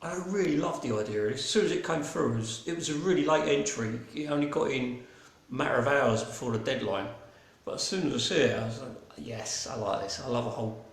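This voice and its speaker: A man's voice: medium pitch, fast talker, roomy sound. A man with a broad Cockney accent hosting an online gallery private view, chatting casually with lots of ums and restarts, cheerful swearing. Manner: rambling with many ums and restarts. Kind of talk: casual live-streamed gallery talk.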